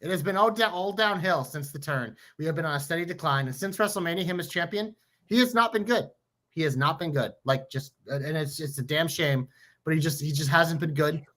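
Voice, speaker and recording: A man co-hosting a podcast, talking about wrestling in an excitable, emphatic way and swearing now and then. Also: on the high side, fairly quick. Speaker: podcast co-host. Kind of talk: casual wrestling chat.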